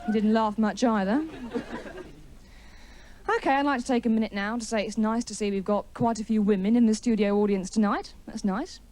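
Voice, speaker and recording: A woman's voice: medium pitch, fairly even intonation, brisk, darkish tone, a faint crowd, a little hiss or hum. A woman doing a wry, chatty stand-up comedy routine in a TV studio, with an audience laughing.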